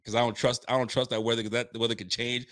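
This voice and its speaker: A man's voice: medium pitch, flat delivery, racing, a bit bright. A man from Nova Scotia casually chatting on his livestream, hyped and loose, repeating himself as he talks to viewers. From Nova Scotia, Canada. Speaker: sports fan streamer.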